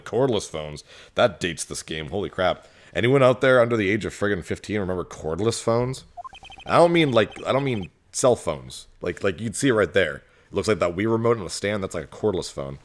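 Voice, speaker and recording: A man hosting a let's play, giving jokey, animated gameplay commentary with rambling asides, recorded at home. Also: deep voice, a little fast, slight background noise. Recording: voice over game music.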